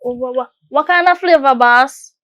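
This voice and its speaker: A woman's voice: high voice, moderate pace, fairly bright tone, muffled recording. A woman playing a playful Jamaican schemer. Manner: playful patois, calls everyone boss. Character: scheming Jamaican employee heading home. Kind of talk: comedy skit acting.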